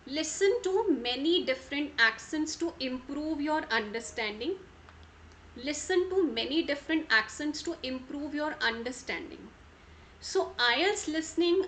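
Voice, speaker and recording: Woman, Indian English accent, online tutor, high bright voice, repetitive, calls students by name, slight background ambience. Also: slight background noise. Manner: switches into Hindi mid-sentence. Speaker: IELTS trainer. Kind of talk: live online class.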